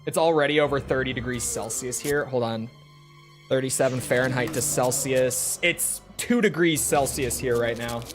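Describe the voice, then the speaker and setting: A man's voice: mid-range voice, moderate pace, soft background music. A young man from Minnesota, streaming a game from his room and chatting with viewers in a rambling, profane, joking way. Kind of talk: casual chat with viewers while gaming.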